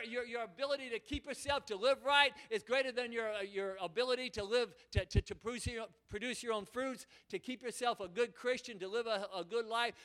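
A man's voice: very high-pitched, pushed and bright, clean tone. A man preaching a fervent sermon in church, often repeating and restarting his words as he presses his point. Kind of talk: impassioned sermon.

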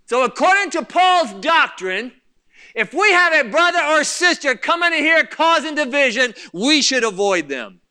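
A man preaching a sermon as pastor, impassioned, swinging between loud outbursts and quiet asides. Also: very high voice, very animated, normal speed.

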